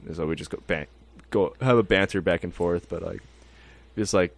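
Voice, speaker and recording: The podcast host, a young Mexican-American man, has a low, brisk voice with vocal fry, captured in a dry recording. He rambles casually, cursing freely and laughing a lot.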